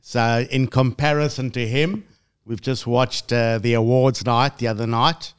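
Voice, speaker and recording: A man's voice: medium pitch, fairly even intonation, a little slow, clean tone. A middle-aged man, speaking plainly as a podcast guest. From South Africa.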